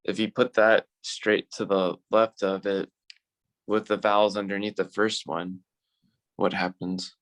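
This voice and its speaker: Deep voiced guy in an online class on his phone, curious, halting questions. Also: flat delivery, rough recording. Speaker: adult student. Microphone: phone on a video call.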